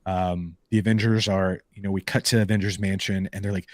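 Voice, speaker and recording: A man co-hosting a podcast, casually retelling comic book stories in an animated way with lots of "like" and "um". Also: low-pitched, a little fast, no echo. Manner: animated storytelling full of "like" and "um" fillers. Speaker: podcast co-host. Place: live podcast recording.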